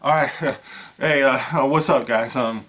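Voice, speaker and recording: A man's voice: medium pitch, a little slow, fairly bright tone. A man seated and giving a casual commentary monologue, talking conversationally and acting out scenes along the way. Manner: conversational, acts out scenes, many fillers like "you know". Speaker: vlogger. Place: seated indoors.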